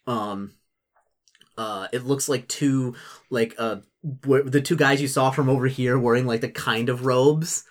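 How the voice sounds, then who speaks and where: A man's voice: medium pitch, fairly even intonation, unhurried. A man narrating as game master, rambling with lots of fillers, restarts and laughter.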